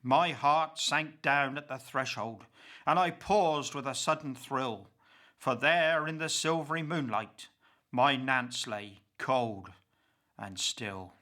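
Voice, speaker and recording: A man's voice: medium pitch, sharp tone. A man reciting as a bitter old pauper. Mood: grieving. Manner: slow, declamatory and impassioned. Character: old grieving male pauper, bitter and accusing. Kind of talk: dramatic verse recitation.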